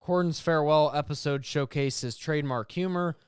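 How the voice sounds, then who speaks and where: A man's voice: fairly high pitch, brisk, clean tone, dry recording, studio quality. Laughing man reading headlines. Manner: jokey, laughs often, reads news stories aloud. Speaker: podcast co-host. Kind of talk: casual chat reading headlines.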